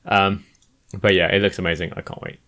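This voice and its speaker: Man, lowish voice, chuckles a lot, easygoing podcast chat. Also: fairly even intonation, fairly quick, bright, forceful tone. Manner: laughs often, agreeable. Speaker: podcast co-host. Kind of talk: casual chat.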